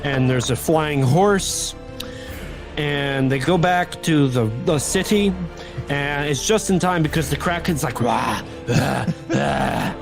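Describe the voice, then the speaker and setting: A man's voice: on the high side, measured pace. Guy rambling through a movie recap on a podcast, jokey, music playing behind. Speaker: podcast co-host. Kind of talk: casual chat.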